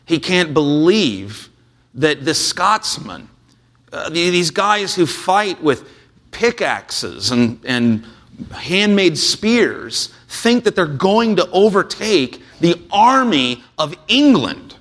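A man preaching a sermon, reading a scripture passage and then explaining it in a relaxed, conversational way with frequent "uh"s. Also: a little high, slow pace. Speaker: pastor.

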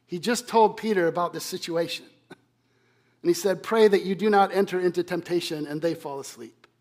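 Male pastor, slightly high voice, preaches with big swings between loud emphasis and quiet. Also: moderate pace. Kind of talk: sermon.

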